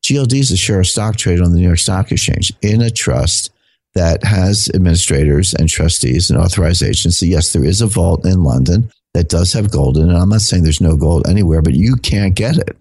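A man with a very low, husky voice, talking through a topic as a podcast guest. He lectures in a measured way and poses rhetorical questions. The sound is dry and close. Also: a little mellow, no echo. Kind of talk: explanatory podcast talk.

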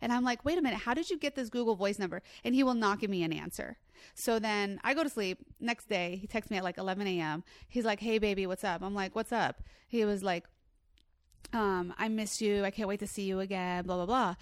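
A woman telling a comedic dating story in casual chat, animated and rambling, swearing and acting out what others said. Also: mid-range voice, fairly quick, no room sound. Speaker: comedian guest.

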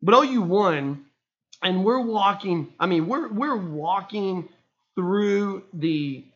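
A man co-hosting a casual sports podcast, telling stories animatedly and getting loud and high when excited. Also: slow pace. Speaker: podcast co-host. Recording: muffled lo-fi sound.

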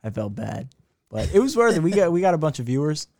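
A man's voice: fairly high pitch, sing-song, fast talker, vocal fry, a little mellow, no room sound, studio quality. A young man co-hosting a casual sports podcast, laid-back and teasing, telling stories in easy chat. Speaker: podcast co-host.

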